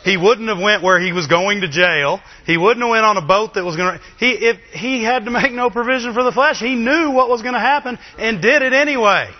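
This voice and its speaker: Chatty preacher in an echoing hall. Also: male voice, sits high, fairly quick, hardly any pauses. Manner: lively, chatty, with asides and laughs. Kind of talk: sermon. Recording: dull, long reverb of a hall.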